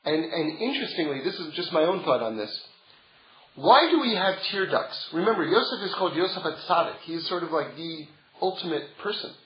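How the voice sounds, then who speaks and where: Brief: high-pitched male Torah teacher, chatty then emphatic, roomy, dull lo-fi recording. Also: animated, brisk. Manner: conversational, builds to emphatic. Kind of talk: Torah class.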